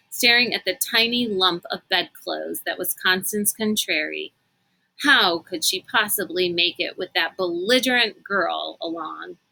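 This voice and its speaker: A woman reading a novel aloud in an unhurried, expressive storytelling manner. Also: medium pitch, gravelly, low-quality recording. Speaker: reader.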